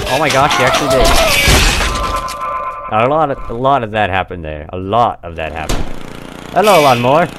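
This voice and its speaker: Laughing, chatty male gameplay commentator with a bouncing pitch, on a noisy compressed track. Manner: chatty, laughing, talks at the game.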